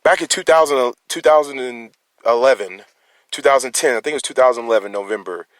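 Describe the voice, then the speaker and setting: A man's voice: medium pitch, fast, no room sound. A man speaking as a concerned citizen in an emotional personal monologue, rambling and restarting his words as he challenges his listeners.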